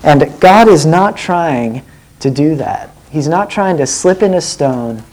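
A man's voice: on the high side, expressive, slow pace, darkish tone, poor audio. Earnest man preaching a sermon. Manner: earnest, asks the listeners direct questions.

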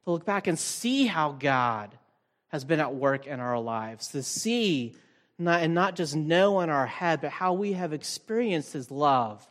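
A man preaching a conversational sermon as a pastor, relaxed and thinking aloud with fillers and restarts. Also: fairly high pitch, a little slow. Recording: long reverb from a large hall.

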